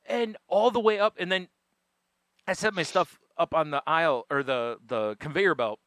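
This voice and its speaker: A man co-hosting a podcast, telling a funny everyday story in a casual, animated way and laughing often as he goes. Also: on the high side, moderate pace, dry recording, studio quality. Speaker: podcast co-host.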